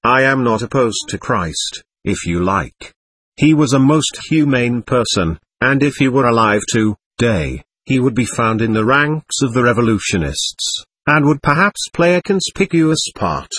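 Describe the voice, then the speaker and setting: A man reading an audiobook, voicing a proud, argumentative teenage boy who lectures earnestly and takes offence quickly. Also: medium pitch, lively intonation, a bit bright, husky, no room sound. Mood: lecturing.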